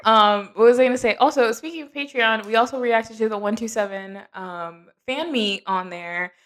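A woman's voice: a little high, normal speed, fairly bright tone. A woman co-hosting a podcast in casual chat, joking and poking fun at herself. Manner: self-mocking, joking banter. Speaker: podcast co-host.

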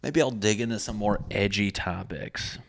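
A man's voice: fairly low pitch, moderate pace, vocal fry, slight background noise. A young man talking casually as a podcast host, profane and sarcastic, mocking people in put-on voices. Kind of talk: casual rambling monologue.

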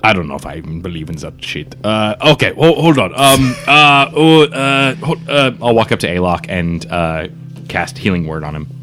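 A man's voice: lowish voice, moderate pace, pushed and bright, soft background music. A man playing a tabletop game, giving dry, matter-of-fact quips. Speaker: player.

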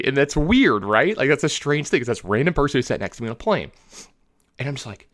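A man telling a long story in casual podcast chat, rambling, full of filler words and lively retellings. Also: mid-range voice, quick pace, no echo, clean studio sound.

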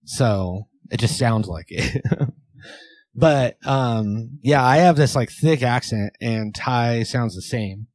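A man's voice: medium pitch, takes it slowly, darkish tone, dry recording. A man with a New Zealand accent co-hosting a podcast in casual, playful banter. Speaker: podcast co-host. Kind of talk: casual chat.

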